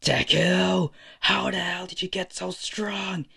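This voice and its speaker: A man voicing an angry, hot-headed teenage boy who shouts aggressively. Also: high voice, steady tone, slow pace, vocal fry, breathy edge, pitched above the performer's own voice, heavily acted.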